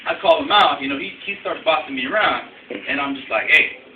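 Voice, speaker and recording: A man's voice: medium pitch, expressive, fast talker, narrow, tinny audio. A young man telling a story in a casual, rambling way, filling gaps with "you know" and "I mean" and swearing freely, recorded indoors on a phone camera. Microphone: phone camera from across the room. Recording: echoey, distant, noisy phone video.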